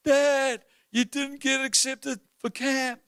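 Distraught ten-year-old girl, high and pleading, played by a man, dry bright sound. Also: slow, no room sound, exaggerated voice. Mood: tearful. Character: upset schoolgirl daughter around ten.

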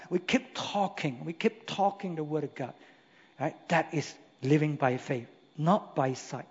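A man's voice: fairly high pitch, unhurried. A man preaching a sermon in a church, emphatic and full of rhetorical questions. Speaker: pastor. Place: church hall. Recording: long hall reverb, dull lo-fi sound.

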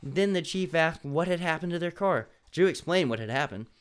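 Playful male story reader with a fairly high, smooth voice. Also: expressive, fairly quick. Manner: playful, laughing at the text. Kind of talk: reading a story aloud with joking asides.

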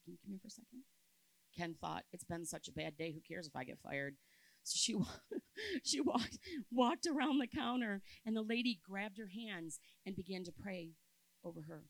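Gravelly-voiced woman preaching a sermon. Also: mid-range voice, normal speed, long pauses, no room sound, poor audio. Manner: expressive, swings between loud emphasis and soft quiet storytelling. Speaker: speaker at a church camp. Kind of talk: sermon with storytelling.

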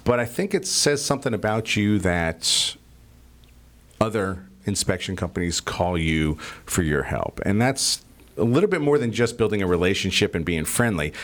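A man's voice: deep voice, expressive, moderate pace. A man hosting a radio talk show in casual chat, rambling and correcting himself as he goes. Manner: rambling, self-correcting, jokey.

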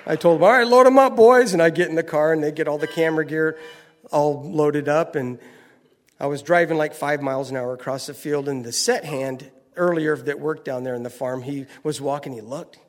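A man's voice: a little high, brisk. Folksy man telling a story. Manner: folksy, animated, acts out quoted voices. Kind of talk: personal anecdote told to an audience.

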